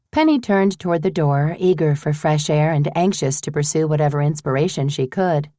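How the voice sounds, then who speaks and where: A woman narrating an audiobook in a measured, even way. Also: deep voice, no room sound, clean studio sound.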